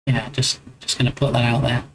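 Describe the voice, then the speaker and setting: A man's voice: medium pitch, level tone, a little fast, rough recording. Chatty English man streaming live. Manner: chatty, reads out and answers chat with playful banter. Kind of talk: casual chat with viewers.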